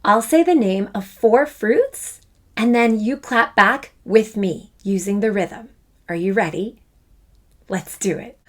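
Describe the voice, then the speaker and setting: An upbeat woman leads a children's rhythm lesson and speaks straight to the learner with plenty of praise. She talks at an unhurried pace and stretches each chanted fruit name so every syllable lands on the beat. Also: mid-range voice. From Canada. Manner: draws out and stresses syllables while chanting fruit names. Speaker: elementary music teacher.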